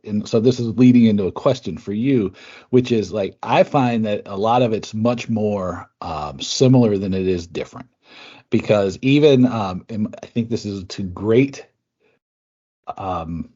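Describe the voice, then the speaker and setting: A man's voice: on the low side, measured pace, warm tone, dull audio. A man hosting a podcast, chatting casually and rambling through his stories before getting to a question. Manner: rambling, chatty, laughs easily. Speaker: podcast host. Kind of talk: casual interview chat.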